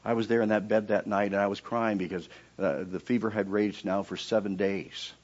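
A man preaching his personal testimony in a sermon, his voice swinging from quiet and low in narration to high, loud outbursts in the reenacted prayers. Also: fairly even intonation, normal speed, lo-fi sound.

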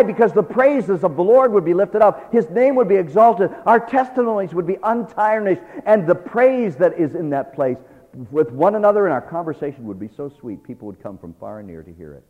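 A male preacher exhorting a church, moving between quiet asides and loud, emphatic passages. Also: high-pitched. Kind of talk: sermon. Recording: tinny phone-like sound with long reverb.

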